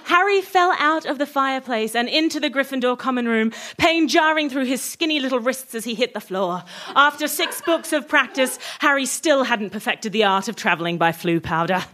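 A woman's voice: on the high side, expressive, normal speed, fairly bright tone. A woman reading her comic fan fiction aloud, cheeky and often laughing through the lines.

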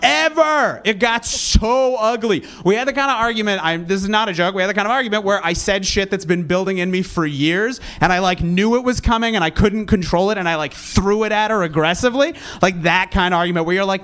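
Brief: young male stand-up comic, fairly high voice, sarcastic and self-deprecating, rambling. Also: expressive, fairly quick, fairly bright tone. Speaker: stand-up comedian. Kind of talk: stand-up comedy set.

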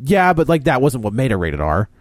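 A man co-hosting a casual movie-review podcast, throwing in quick joking remarks. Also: medium pitch, dry recording, clean studio sound. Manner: lively, quick jokey interjections. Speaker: podcast co-host.

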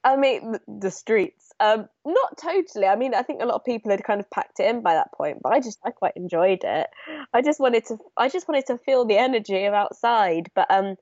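A woman co-hosting a casual chat, eager and animated as she tells her stories. Her voice comes through dry and a little muffled, as if over a remote connection. It carries no room sound at all. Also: fairly high pitch, fairly quick, dry recording. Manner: enthusiastic, animated storytelling. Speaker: podcast co-host. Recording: dry, dull remote line.

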